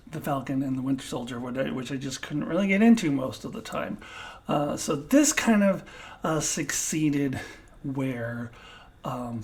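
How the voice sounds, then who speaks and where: A woman giving an unscripted TV review alone, halting often to search for words and laughing at herself. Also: deep voice. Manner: self-deprecating, laughs at herself.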